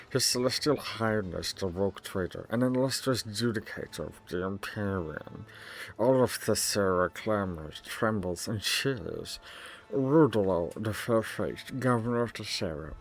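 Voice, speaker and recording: A man voicing a pompous, flattering male noble governor in a game, with a grandiose, courtly delivery in a low voice. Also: rough recording.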